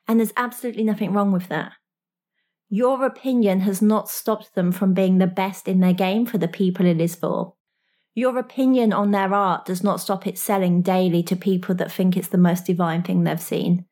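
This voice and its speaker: A woman coaching straight at the listener in a motivational talk. Her voice sits at an ordinary middle pitch. Her delivery is frank and slangy, and she drops in small laughs. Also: steady tone, normal speed, warm tone.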